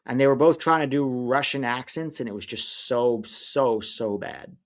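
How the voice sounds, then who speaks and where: A man's voice: medium pitch, moderate pace. Rambling man chatting on a livestream. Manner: rambling, chatty, loses track of names mid-sentence; opinionated and easygoing. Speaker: livestream watch-along host. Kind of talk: casual livestream chat, reading viewer comments.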